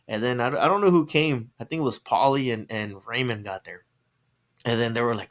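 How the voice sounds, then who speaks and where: A man's voice: mid-range voice, fast talker, fairly bright tone. A young adult man telling a long, rambling wedding story as a podcast guest, acting out quotes and laughing often. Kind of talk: casual storytelling chat.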